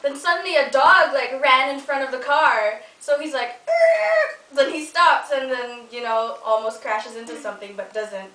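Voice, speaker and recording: A woman's voice: sits high, moderate pace, few pauses, bright, forceful tone. A young woman from the Philippines telling a ghost story casually, chatty and giggly, with many "like"s and restarts. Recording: echoey room, mic at a distance, faint noise.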